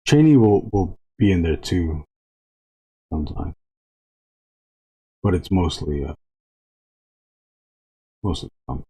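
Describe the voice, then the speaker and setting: A man chatting casually to viewers while drawing on a live stream, rambling with frequent halting restarts. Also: low voice, expressive, gravelly, warm tone, breathy edge.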